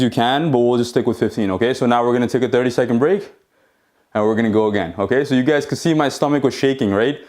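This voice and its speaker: A man's voice: medium pitch, a little mellow. Encouraging male home workout coach. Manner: encouraging, checks in with frequent "okay?"; counts reps while exercising along. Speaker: fitness instructor.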